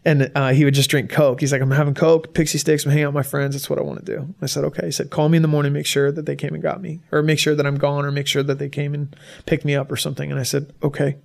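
A young adult man giving a personal testimony to an audience, halting and emotional, with many restarts. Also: a little high, little pitch movement, gravelly. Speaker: guest speaker.

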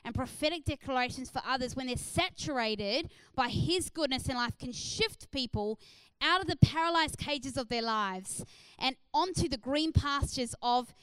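A woman's voice: sits high, lively intonation, normal speed, fairly bright tone, clean tone, dry recording, poor audio. A woman preaching a sermon in an earnest, encouraging way, with frequent "uh" fillers.

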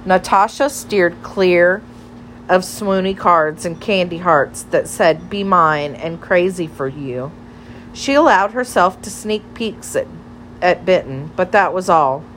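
A woman narrates a storybook in a gentle, measured way, slow and a bit low-pitched. A faint hiss of ambience sits under the voice. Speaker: audiobook narrator.

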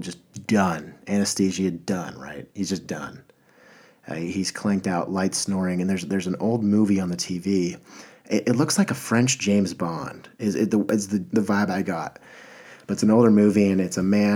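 A man's voice: deep voice, a little mellow, slightly rough. A man hosting a podcast, talking in a rambling, enthusiastic way with lots of fillers and restarts. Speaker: podcast host. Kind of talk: casual podcast monologue.

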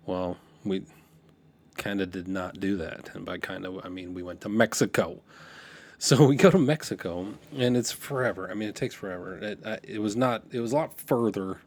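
A man's voice: sits low, normal speed. A middle-aged man hosting a podcast, casually telling a rambling story from his youth, restarting his sentences as he goes. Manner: rambling, self-correcting, animated when quoting.

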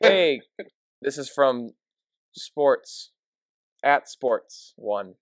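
A man's voice: mid-range voice, lively intonation, extremely slow, no echo. A man co-hosting a casual sports podcast, telling stories with frequent laughs and filler words. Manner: laughing storyteller, many fillers. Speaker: podcast co-host.

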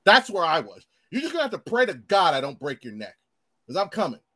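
A man tells stories in casual conversation, his voice pitched high and swinging up and down as he acts out the people he quotes. He talks in a profane, animated way. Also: quick pace. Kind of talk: casual podcast chat.

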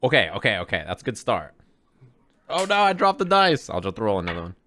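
A young man playing in a tabletop game, full of bro banter. His voice is bright and forceful. His pitch jumps all over the place as he jokes with the table. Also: big pitch swings, fairly quick, slight background noise. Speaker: player. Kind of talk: casual tabletop game play.

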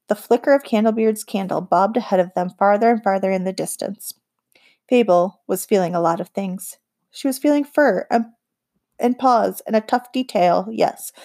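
A woman reads a children's fantasy novel aloud in a calm, measured way. Her voice sits at an everyday pitch and carries the story steadily. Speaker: audiobook narrator. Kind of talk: scripted audiobook narration.

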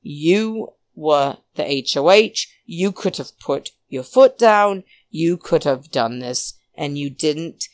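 A woman's voice: deep voice, animated, slow pace, few pauses, a little mellow, dry recording. A woman hosting a podcast, recapping a reality show in a chatty, laughing, opinionated way. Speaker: podcast host.

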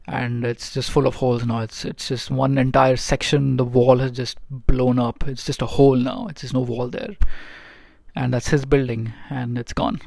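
A man's voice: medium pitch, vocal fry, darkish tone, no echo, clean studio sound. A man who works as a ship's engineer, telling stories from aboard in a rambling, casual way with many fillers and restarts. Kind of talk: casual storytelling vlog. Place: aboard a ship.

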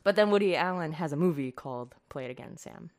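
A woman's voice: low voice, lively intonation, fast talker. A woman co-hosting a podcast in casual chat, giggling often, on a studio mic with a pop screen. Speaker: podcast co-host.

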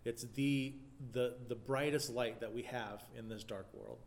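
A man's voice: medium pitch, fairly even intonation, unhurried, slight background noise. A man in a casual church talk, speaking earnestly and thinking aloud with many fillers. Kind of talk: casual chat.

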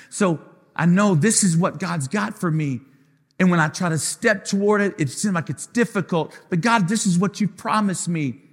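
A man's voice: high-pitched, husky. A man preaching as lead pastor in a live sermon, with impassioned, repetitive phrases that swell into sung lines. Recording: long hall reverb.

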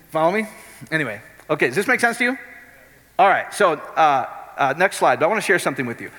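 Animated preacher man in a reverberant hall. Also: on the high side, brisk. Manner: animated, keeps asking the crowd if it makes sense. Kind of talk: sermon.

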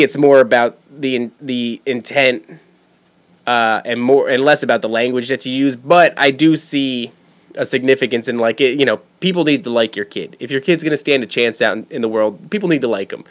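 A man speaking as a father in a loose, unscripted monologue. He talks at a middle pitch, rambles, swears often and restarts his sentences, repeating words as he finds his way. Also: normal speed. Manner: rambling, profane, many restarts. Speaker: father talking about his son. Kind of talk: casual monologue.

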